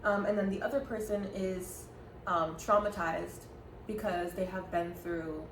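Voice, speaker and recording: A woman's voice: mid-range voice, steady tone, measured pace. A young woman co-hosting a podcast in casual chat, giggly and hesitant, with lots of ums. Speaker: podcast co-host. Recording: echoey room with clear background noise.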